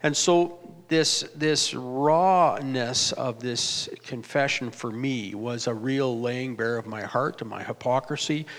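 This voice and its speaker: A pastor in his fifties telling a personal testimony in a halting, reflective way, often restarting his sentences. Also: medium pitch, a bit bright. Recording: reverberant hall.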